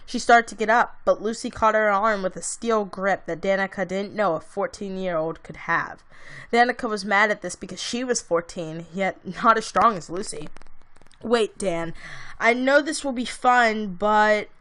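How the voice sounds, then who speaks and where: A woman's voice: medium pitch, normal speed, a bit bright. A woman reading her own fantasy story aloud in a plain way, with small stumbles. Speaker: amateur reader.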